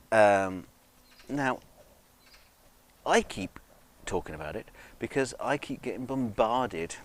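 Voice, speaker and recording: A drunk Englishman rambles slowly to his audience, full of ums and false starts. His voice sits very low, with faint background noise. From England, of Scottish family. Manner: rambling, many fillers and restarts, swearing. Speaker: guitar video maker. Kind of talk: casual rambling monologue.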